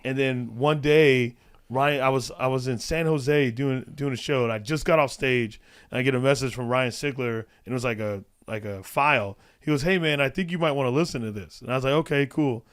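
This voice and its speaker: A man with a smooth, resonant voice tells stories on a podcast in a loose, rambling way. He restarts his sentences, piles on fillers and drops into quoted dialogue. The feel is relaxed and conversational. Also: mid-range voice, a little fast. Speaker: comedian guest. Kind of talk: casual podcast storytelling.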